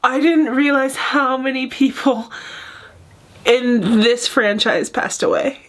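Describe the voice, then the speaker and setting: A woman's voice: high-pitched, unhurried, a bit bright, faint music behind. A woman in her twenties chatting casually and emotionally as she reacts to a video, rambling with many fillers. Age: 20s.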